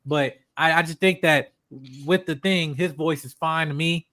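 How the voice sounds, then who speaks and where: Animated man chatting on a stream. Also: a little high, a little slow, a little hiss or hum. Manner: animated, laughing, many fillers. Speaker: guest panelist. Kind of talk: casual live-stream chat.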